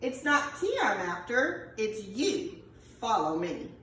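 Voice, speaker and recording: A woman voicing a grumpy, greedy male leprechaun shoemaker in a storybook, with a gruff, scolding manner. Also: a little high, very animated, slow pace, fairly bright tone, a little hiss or hum, exaggerated voice. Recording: echoey classroom from far off.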